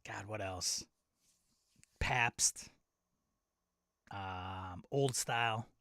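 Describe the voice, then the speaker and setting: A man's voice: fairly low pitch, very slow, pushed and bright, no room sound, studio quality. A middle-aged man from Wisconsin hosting a casual live-stream chat, rambling and nostalgic, often laughing at himself. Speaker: channel host.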